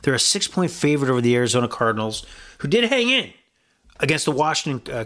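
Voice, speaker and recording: A man's voice: mid-range voice, fairly bright tone. A man hosting a sports betting podcast, giving blunt, rambling picks with profanity and frequent restarts. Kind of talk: casual sports betting talk.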